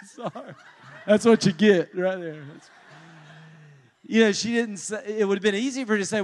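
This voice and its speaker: A man's voice: high voice, moderate pace, long pauses. A man speaking at a marriage conference, telling his own story with self-mocking humor and laughing between lines. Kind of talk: humorous personal testimony talk.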